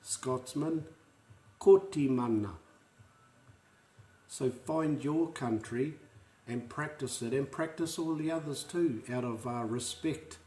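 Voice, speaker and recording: Slow, patient man with a New Zealand accent. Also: medium pitch, a little mellow, reverberant. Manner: patient, repeats each word slowly for learners. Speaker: language teacher. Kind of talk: online pronunciation lesson.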